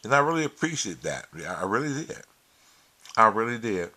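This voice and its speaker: A man vlogging a casual monologue to camera, preachy and emphatic with plenty of swearing, who gets loud and heated when retelling stories. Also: on the low side, sing-song, normal speed.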